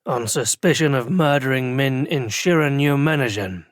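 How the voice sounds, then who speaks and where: A man voicing a blunt, practical male watch captain in an audiobook, slow and deliberate. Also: medium pitch, dry recording, clean studio sound, lightly acted. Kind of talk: audiobook character voice.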